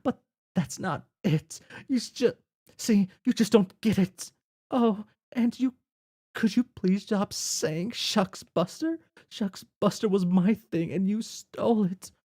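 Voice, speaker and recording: A man's voice: a little high, slow pace, creaky, few pauses, dry recording, clean studio sound, heavily acted. A man voicing a furious teenage girl who snaps in exasperated outbursts while reading a webcomic aloud. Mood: irritated. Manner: sharp, exasperated, shouting outbursts.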